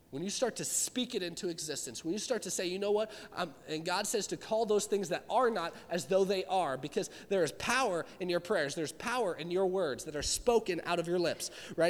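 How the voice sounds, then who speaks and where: A man preaching a sermon, animated and climbing to shouts when he acts out scripture. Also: high voice. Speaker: pastor. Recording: long hall reverb.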